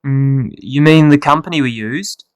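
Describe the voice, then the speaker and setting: An actor playing an ordinary man who answers a clerk's questions in a scripted listening-test dialogue, cooperative and pausing to find answers. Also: mid-range voice, no room sound, natural voice. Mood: matter-of-fact. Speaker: customer giving shipping details.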